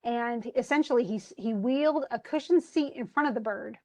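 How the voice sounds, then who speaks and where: In a literature class, a woman with a fairly high pitch and a darkish tone discusses a poem at a moderate speed. She is an English literature instructor who chats, restarts a lot, and paraphrases informally.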